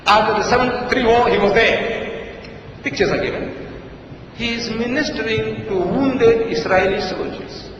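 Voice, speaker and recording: A man with a high voice gives a sarcastic, emphatic debate speech full of rhetorical questions. He is recorded from a distance in a large, echoing hall with a long reverb. The sound is dull and lo-fi. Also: a little slow, fairly bright tone, a little hiss or hum.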